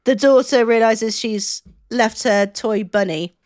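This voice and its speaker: A woman's voice: a little high, slow, darkish tone. A woman, co-hosting a casual review podcast, chatty and sweary, often restarting her sentences. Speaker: podcast co-host.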